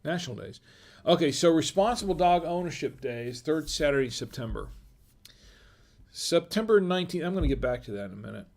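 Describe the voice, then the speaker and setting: A middle-aged man hosts a laid-back wine show, wandering off on tangents and chuckling between thoughts. His voice has a gravelly, crackly texture and sits a bit high for a man. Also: expressive, a little fast, darkish tone. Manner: rambling and digressive, chuckles often. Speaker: host of a wine review show. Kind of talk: casual livestream chat.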